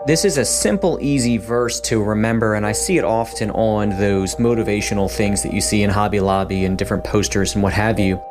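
A man giving a calm, earnest devotional reflection in a radio segment, with a music bed underneath. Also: on the low side, a little fast, hardly any pauses.

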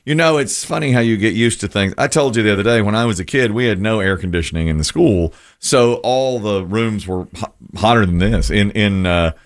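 A man's voice: lowish voice, a little fast. A middle-aged man hosting a radio show, telling stories in casual banter with his co-host. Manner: chatty storyteller, puts on voices for quotes.

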